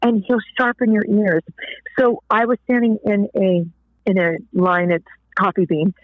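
Woman, animated storyteller, phone-line sound, dry and close. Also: mid-range voice, measured pace, no room sound. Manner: animated storyteller, acts out quoted voices. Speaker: guest author. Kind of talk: faith talk interview.

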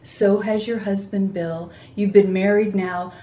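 A woman's voice: mid-range voice, steady tone, measured pace, mellow, slight background noise. Woman host in an echoey room. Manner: prompting, summarizing the guest's story. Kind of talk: faith talk-show interview.

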